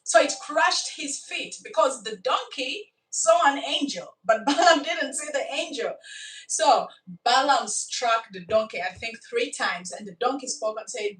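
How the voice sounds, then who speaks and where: Animated woman telling a story, echoey. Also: high voice, a little slow. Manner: animated, dramatic retelling with asides. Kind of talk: casual spoken storytelling. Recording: echoey room, from far off.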